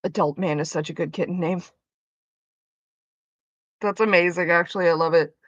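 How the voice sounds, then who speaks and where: A woman's voice: fairly low pitch, steady tone, normal speed, dry recording, muffled recording. A woman chatting casually on a live stream, rambling and swearing through her asides.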